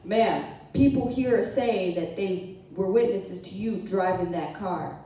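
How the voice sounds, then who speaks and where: A woman voicing a stern male police officer in her own story, with flat, insistent questioning. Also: mid-range voice, slow pace, close to an everyday voice. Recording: roomy echo, mic from a distance.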